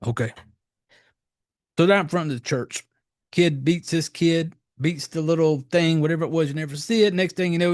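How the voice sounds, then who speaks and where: A man talks through a horror film's plot in a loose, meandering way, dropping curses and filler words as he goes. His voice sits a little high for a man. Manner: rambling, profane, loose storytelling with fillers. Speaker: podcast host. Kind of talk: casual movie recap.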